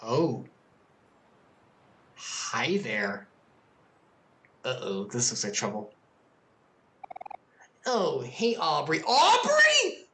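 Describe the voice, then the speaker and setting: A woman's voice: rumbling low, very animated, extremely slow, long pauses, fairly bright tone, roomy sound, a little hiss or hum. A young adult woman streaming a game playthrough, reacting expressively and reading dialogue aloud.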